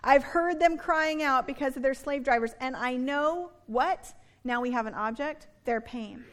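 A woman in her thirties, a pastor delivering an earnest sermon and slowing down to stress key words. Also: sits high, a bit bright.

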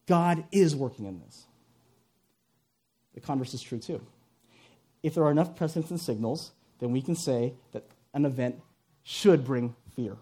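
A man's voice: a little high, normal speed, warm tone. A man preaching a sermon in a conversational, wry way, with asides and an old joke told along the way. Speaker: pastor.

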